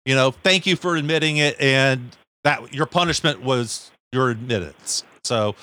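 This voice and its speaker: A man co-hosting a talk show, telling a story in an animated, self-deprecating way. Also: medium pitch, a little slow. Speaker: podcast co-host. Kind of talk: casual storytelling.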